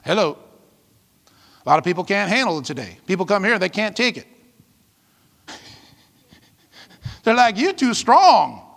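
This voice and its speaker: A man's voice: high voice, lively intonation, normal speed, vocal fry, pauses often, a bit bright. A man pastor preaching a sermon with emphatic, fiery delivery and call-outs to the congregation. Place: church hall. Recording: long reverb of a large hall.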